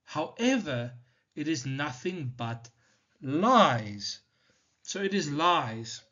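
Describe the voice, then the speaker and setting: A male teacher from South Africa explaining a poem in a deliberate, step-by-step lesson, with many "so" and "now" turns. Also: fairly high pitch, very animated, bright, forceful tone. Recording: slightly dull lo-fi recording.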